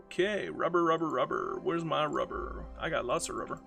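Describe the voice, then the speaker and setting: A man's voice: fairly high pitch, very animated, brisk, gravelly, bright, forceful tone, slightly rough, faint music behind. A man casually commenting on a strategy game while streaming, rambling, mocking himself and reading chat messages aloud.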